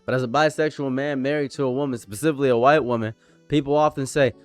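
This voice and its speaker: A man's voice: mid-range voice, fairly even intonation, fast, soft background music. A young man giving a frank commentary monologue to his viewers, often repeating points for emphasis. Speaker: commentary YouTuber.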